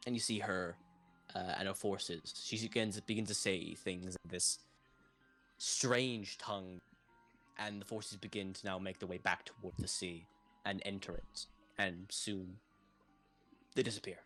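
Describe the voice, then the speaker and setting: A man's voice: sits low, steady tone, measured pace, a bit bright, faint music behind. A man narrating a tabletop game as game master, in a loose, hedging way.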